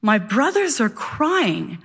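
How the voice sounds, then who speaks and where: Woman storyteller, dramatic slow pauses, fairly high voice, hall echo. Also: big pitch swings, gravelly, fairly bright tone, breathy edge. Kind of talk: live personal storytelling.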